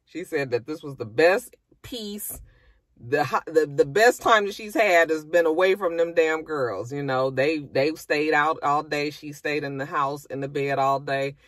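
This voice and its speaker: A woman casually recapping a reality show, chatty, profane and animated. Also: measured pace, no room sound. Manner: animated, profane, chatty, swings into high acted quotes.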